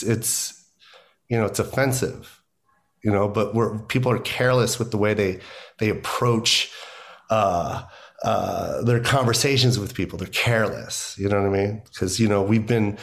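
In a measured, fairly low voice, a male guest comedian makes emphatic, animated points in a casual podcast chat. His voice jumps up when stressing something, and "you know" comes up often.

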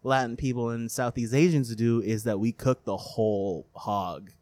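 A man's voice: medium pitch, steady tone, moderate pace, darkish tone, no room sound. Joking man on a dry mic. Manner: joking, laughs often, slangy. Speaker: podcast co-host. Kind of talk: casual chat.

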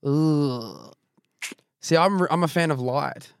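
An Australian guest on a podcast who rambles and swears a lot. His voice is a little high. The sound is dry and close. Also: slow, clean tone, dry recording. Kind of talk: casual chat.

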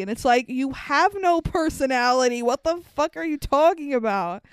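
A woman's voice: high voice, animated, moderate pace, few pauses, dry recording. A woman co-hosting a podcast, riffing sarcastically on a bad movie, swearing freely and laughing often. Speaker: podcast co-host. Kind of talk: casual movie-riffing chat.

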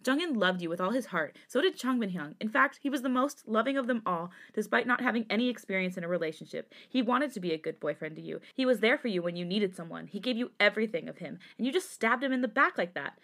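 A stern young man confronts his cousin in a spoken fan story, snapping and growling out his lines, voiced by a woman reading aloud. The voice sits a touch higher than the reader's own, with a cutting, angry edge. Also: animated, quick pace, creaky, hardly any pauses, sharp tone, full character voice. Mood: furious.

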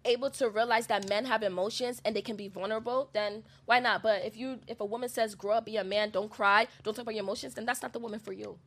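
A woman's voice: on the high side, fairly even intonation, fast, few pauses. A woman co-hosting a podcast in casual group chat, talkative and emphatic, repeating her points. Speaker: podcast co-host.

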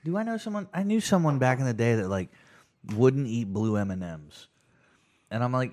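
A man telling stories in a casual chat. His voice sits at an ordinary middle pitch. He laughs through his stories. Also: big pitch swings, moderate pace, a little mellow. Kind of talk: casual storytelling.

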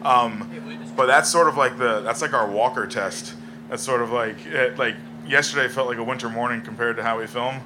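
A man speaking on a convention panel, halting with many restarts and fillers. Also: mid-range voice, noisy background. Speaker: panel guest. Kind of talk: casual panel chat.

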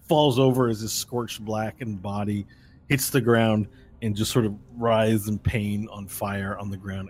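A man running a tabletop game as game master, narrating scenes vividly with halting pauses and shouted cries. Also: on the low side, a little hiss or hum.

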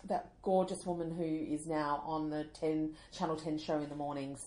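A woman, co-hosting a casual chat show, wry and self-mocking and quick to laugh. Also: sits low, flat delivery, dark tone. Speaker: podcast co-host. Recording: roomy echo.

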